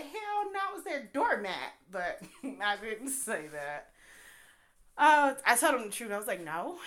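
A woman casually telling a personal story, acting out quoted dialogue with candid, animated delivery. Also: medium pitch.

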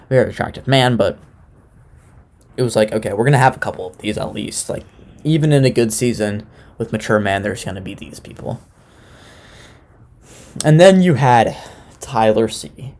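A young man talking loosely and sarcastically, like a podcast host recapping television. His voice is mellow and dark, sitting at a middle pitch. He drops in a curse now and then without much fuss. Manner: loose, sarcastic, swears casually. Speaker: podcast host recapping a reality dating show. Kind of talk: casual chat.

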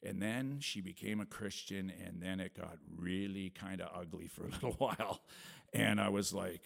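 Gravelly man speaking in a reverberant hall. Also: deep voice, normal speed. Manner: lively, chatty, laughs often, acts out voices. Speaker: worship leader giving a testimony. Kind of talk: prayer and personal testimony talk. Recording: long reverb of a large hall.

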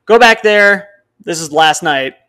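Young man, from Wisconsin, casual rambling storyteller, somewhat high voice, quotes people in dialogue. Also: animated, unhurried, sharp tone, smooth. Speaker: podcast co-host.

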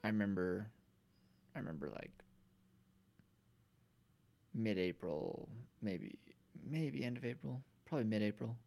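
A man's voice: lowish voice, a little slow, creaky, long pauses, a little mellow. A man appearing as a podcast guest, chatting casually and telling laid-back, loose anecdotes. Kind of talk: casual chat.

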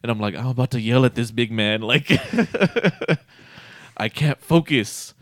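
A man's voice: mid-range voice, slow pace, no room sound, clean studio sound. A man casually telling a rambling, profane story, often breaking into laughter. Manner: profane, laughing, animated retelling.

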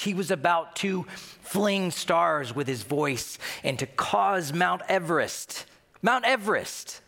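A man preaching a sermon in an animated way, often acting out the voices of the people he quotes. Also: a little high. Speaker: pastor. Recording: long hall reverb.

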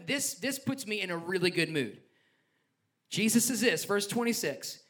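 A male pastor preaches a passionate sermon, moving between scripture reading and joking asides. His voice sits high for a man. It has a bright, forceful edge. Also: animated, moderate pace.

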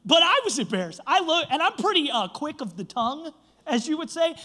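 Man pastor, sermon, lively swooping voice, animated storyteller. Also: very high voice, brisk. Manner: animated, self-mocking storyteller.

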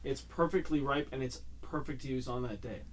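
A man's voice: mid-range voice, a little fast. A man in a casual podcast chat over drinks, telling a story in a modest, easygoing way.

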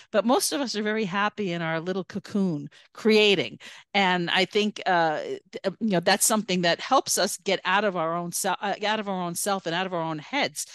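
A woman's voice: medium pitch, no room sound, clean studio sound. A woman hosting a podcast, an author talking casually with many restarts and self-corrections. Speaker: podcast host. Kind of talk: casual chat.

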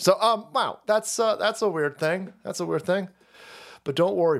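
A man's voice: sits high, normal speed, creaky. A man hosting a stream who rants about politics in a sarcastic, mocking, foul-mouthed way. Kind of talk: profane political rant.

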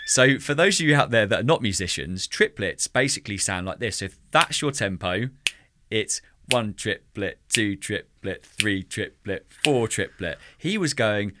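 A man co-hosting a casual podcast speaks passionately and animatedly about teaching music, vocally mimicking drum rhythms. His fairly low voice moves at a measured pace over slight background noise.

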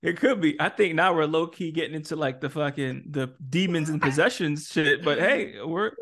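Man, casual podcast co-host, slightly high voice, emphatic and laughing, rambling restarts. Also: normal speed. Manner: animated, emphatic, laughs often, restarts and asks for words. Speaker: parent.

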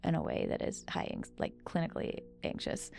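A middle-aged woman co-hosting a podcast in casual chat, animated and quick to swear when riled. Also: heavy background noise. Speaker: podcast co-host.

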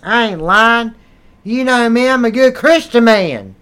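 High, bright-voiced man cursing and rambling. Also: animated, a little slow, clear, resonant tone. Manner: rambling, profane, laughing often. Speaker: podcast host. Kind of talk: crude comedic podcast banter.

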